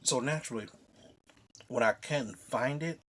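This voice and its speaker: A man's voice: medium pitch, measured pace, fairly bright tone, slight background noise. A man casually telling a rambling, profane story on his comic book vlog.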